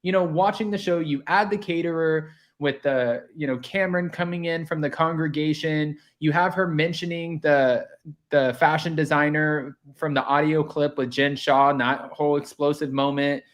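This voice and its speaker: A man's voice: on the high side, steady tone, moderate pace. A man chatting as a guest, sharing reasoned opinions on a reality show. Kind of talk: casual chat.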